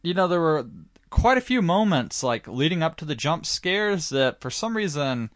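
A laid-back man jokes through a casual movie chat and swears freely. His pitch swings widely as he talks. The recording is dry, with almost no room sound. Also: sing-song, moderate pace, a bit bright, dry recording.

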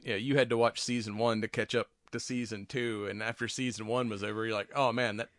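A man's voice: fairly low pitch, level tone, brisk, a bit bright, no echo, clean studio sound. A man hosting a casual podcast chat, joking around and laughing often. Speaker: podcast host.

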